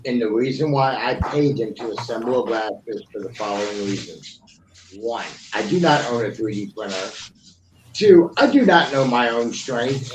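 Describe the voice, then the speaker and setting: A man's voice: mid-range voice, a little mellow. Male panel host, rambling and exasperated, roomy noisy recording. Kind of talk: casual panel chat. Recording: roomy with background noise.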